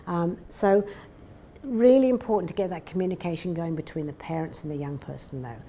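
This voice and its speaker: A woman's voice: lowish voice, a little fast, dark tone. A woman presents at a seminar in a chatty, story-led way. She slips into acted-out exchanges as she teaches. There is a faint hiss behind her. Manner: chatty, anecdotal, acts out dialogues. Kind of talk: conversational teaching talk. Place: seminar room.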